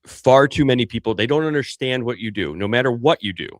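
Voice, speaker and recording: A man's voice: mid-range voice, expressive, fast talker, no room sound. A man co-hosting a business podcast, giving emphatic casual advice, listing points and rephrasing as he goes.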